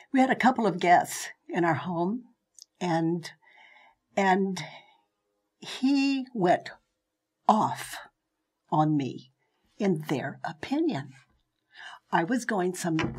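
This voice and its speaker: A woman giving a reflective spiritual teaching talk in a slow, gentle way that often drops into soft whispers, heard as a played clip from an online video. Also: lowish voice, husky.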